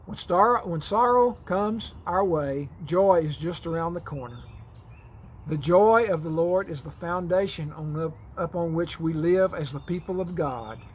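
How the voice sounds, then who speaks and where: Man with a higher voice teaching a Bible lesson. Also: a little slow, a little hiss or hum, low-quality recording. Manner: folksy, with dry asides. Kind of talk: reading a prepared Bible lesson.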